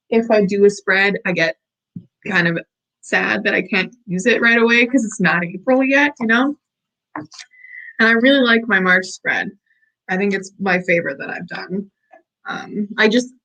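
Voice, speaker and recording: A woman hosting a work-along stream from her desk at home, chatting casually and cheerfully to viewers with little squeals of excitement. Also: mid-range voice, poor audio.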